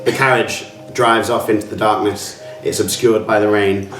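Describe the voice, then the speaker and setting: A man's voice: lowish voice, level tone, normal speed, distant mic. A man narrating as game master for a tabletop game, reading grandly and using fillers. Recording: roomy sound with faint music.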